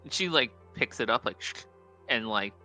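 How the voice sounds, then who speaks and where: A man describes his character's actions in a tabletop role-playing session. His voice is strikingly bright and forceful, and he swings into loud, animated outbursts. Faint music plays behind him. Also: medium pitch, moderate pace. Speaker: player.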